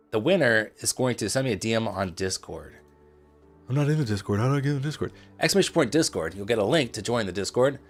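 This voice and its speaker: Brief: easygoing Midwestern man, lower register, joking livestream host. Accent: neutral Midwestern. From Indianapolis, US Midwest. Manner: chatty, joking with chat, playful asides. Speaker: trading livestreamer. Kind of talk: casual livestream commentary.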